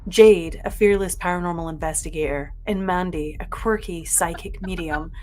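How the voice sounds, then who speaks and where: A woman's voice: lowish voice, moderate pace, a little mellow. A woman co-hosting a paranormal podcast, reading a silly story aloud and giggling now and then. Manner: reads narration with frequent giggles. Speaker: podcast co-host.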